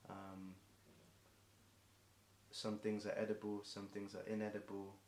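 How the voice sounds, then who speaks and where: A young man with an English accent rhymes off the cuff in a low, monotone voice, stumbling and restarting with plenty of ums. His voice sounds a bit worn and hoarse. He's recorded in an echoey room with a faint hiss behind him. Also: measured pace. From England. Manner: rambling, self-correcting, frequent ums and restarts. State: voice getting hoarse. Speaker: streamer performing a marathon song. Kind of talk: improvised rhyming freestyle.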